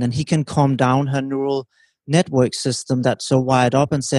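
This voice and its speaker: Guy calmly explaining relationship stuff as a guest, teacherly, keeps asking right?, dry sound. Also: medium pitch, moderate pace, slightly rough, no room sound. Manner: calm, teacherly, often checks in with "right?". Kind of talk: explanatory interview answers.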